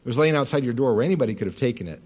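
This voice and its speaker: A man's voice: medium pitch, expressive, rapid-fire, slightly rough. A man voicing a cheerful young college woman who speaks in a chirpy way. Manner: chirpy, bright.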